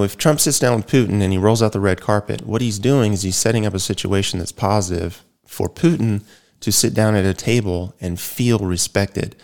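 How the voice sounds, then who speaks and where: A man's voice: fairly low pitch, a little mellow. A man speaking as an interview guest in a casual, rambling monologue, blunt and peppered with fillers and swearing.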